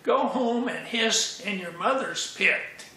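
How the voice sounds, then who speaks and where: A tearful little python, voiced by a man telling a story, grumbles through his complaint with halting fillers. The voice is high and bright. It is heard in a roomy, echoing space. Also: lively intonation, full character voice. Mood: aggrieved. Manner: plain retelling with hesitant fillers. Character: young male python, tearful and whiny.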